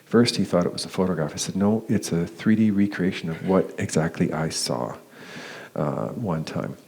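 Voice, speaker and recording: A man giving a talk. He tells a personal story, often pausing with fillers and restarting his sentences. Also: vocal fry, darkish tone. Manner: hesitant, many fillers and restarts; acts out quoted dialogue with raised pitch. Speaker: conference speaker. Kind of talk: personal story told as a lecture.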